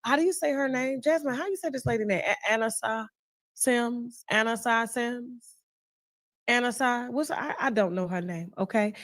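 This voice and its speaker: A woman giving a casual gossip update in a halting way, with many fillers. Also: a little high, fairly bright tone, dry recording, clean studio sound. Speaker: gossip reporter.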